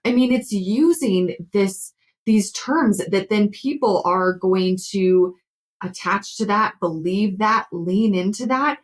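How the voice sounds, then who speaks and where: A woman counselor speaking as an interview guest, her voice sitting at a middle pitch. She explains her ideas in a warm, conversational way, padding her sentences with casual fillers. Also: slow, rough recording.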